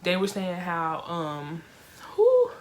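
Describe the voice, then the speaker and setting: A young woman casually reviewing a film for her viewers, talking in an emotional, expressive way with lots of fillers. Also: fairly low pitch, measured pace.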